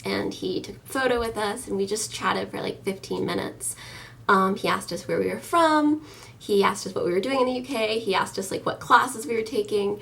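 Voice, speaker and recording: This is a young American woman in her early twenties, talking straight to her camera at home. Her voice sits at a middle pitch with a gravelly edge of vocal fry. She rambles happily, full of ums and likes. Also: a bit bright, far from the mic, a little hiss or hum. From United States. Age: early 20s. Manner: chatty and enthusiastic, many ums and likes. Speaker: vlogger. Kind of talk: casual chat to camera.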